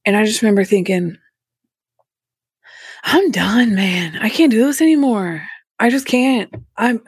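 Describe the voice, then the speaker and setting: A woman recounting a hard personal story in an interview. Her voice has a gravelly, fried edge, and her telling is candid and raw, with a few nervous laughs. The sound is dry and close, with no room around it. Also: mid-range voice, no echo. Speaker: interview guest.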